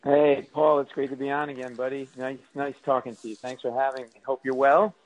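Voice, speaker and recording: A man's voice: mid-range voice, level tone, fairly quick, dry recording, muffled recording. A middle-aged man, a stand-up comedian, telling exaggerated, self-mocking stories as a radio guest. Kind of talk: comic storytelling on radio.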